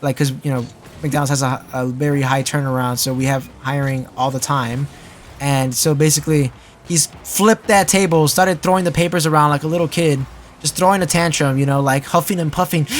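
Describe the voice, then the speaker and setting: A young man telling a story in a loose, rambling way, his voice sitting a bit high for a guy. He stops and restarts often, fills gaps with filler words and swears casually. A faint hiss of noise runs under the recording. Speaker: storytelling vlogger.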